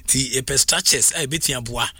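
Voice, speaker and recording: A man's voice: medium pitch, quick pace, bright, forceful tone, breathy edge. A Ghanaian man hosting a sports radio talk show, chatting loosely with many fillers.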